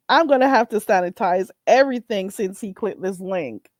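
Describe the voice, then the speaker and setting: A woman's voice: mid-range voice, moderate pace, few pauses, no echo. A woman hosting her own livestream, ranting bluntly and mockingly at a viewer. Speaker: channel host. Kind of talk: livestream rant.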